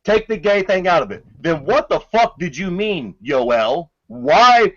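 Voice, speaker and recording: A man's voice: high-pitched, big pitch swings, measured pace, fairly bright tone. A man co-hosting a podcast, arguing in a heated, profane, incredulous way. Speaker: podcast co-host. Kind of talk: casual argumentative chat. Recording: dull lo-fi audio.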